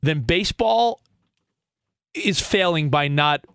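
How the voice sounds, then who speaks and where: A man co-hosting a sports talk radio show, bantering in a mock-earnest, animated way and cutting in over his partner. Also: on the high side, slow pace, creaky, clear, resonant tone, dry recording, clean studio sound. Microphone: studio microphone.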